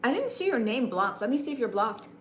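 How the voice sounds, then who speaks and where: A woman streamer with a slightly high, broadcaster-like voice rambles through a casual late-night chat. She greets her viewers by name. Her voice bounces around an echoey room. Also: big pitch swings, fast, slight background noise. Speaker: live streamer.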